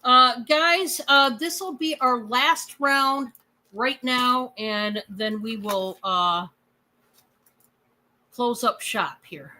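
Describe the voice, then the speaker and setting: A woman's voice: fairly high pitch, drawn-out words, bright, forceful tone. A woman with a Michigan accent hosting a live sales stream, chatty and rambling, laughing often. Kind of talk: casual live stream chat.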